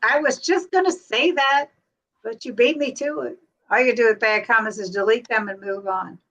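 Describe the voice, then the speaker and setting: Chatty woman livestream host from North Carolina, relaxed and easy, laughs often. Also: a little high, normal speed, highs cut off. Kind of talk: casual chat.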